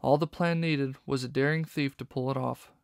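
A man narrating a children's novel audiobook in steady storytelling. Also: medium pitch, moderate pace, creaky, no room sound, studio quality.

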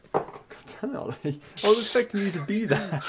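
An excitable man calls out plays in a multiplayer game, swearing and laughing as he goes. His voice has a gravelly edge and swings widely in pitch. A clear hiss of noise sits under the recording. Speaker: gamer. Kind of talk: casual multiplayer game chat.

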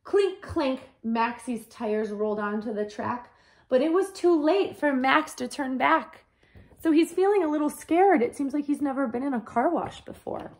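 A woman reading a picture book aloud to children in a gentle voice, stopping to add her own comments. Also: sits high, moderate pace. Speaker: storyteller.

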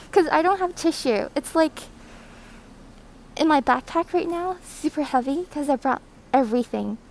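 A woman chatting casually on a live stream from an airport terminal, reading chat and greeting viewers excitedly, breathing heavily through a thick mask, recorded on a hand-held phone. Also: sits high, low-quality recording.

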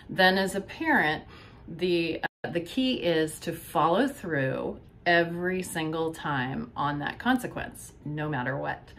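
A woman therapist giving calm, measured parenting advice to camera. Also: low-pitched, slight background noise.

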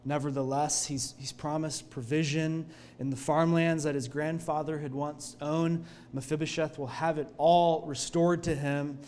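A male pastor preaching a sermon in a church, telling the story in an earnest, expressive way. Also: fairly high pitch, a little slow, few pauses, a little hiss or hum.

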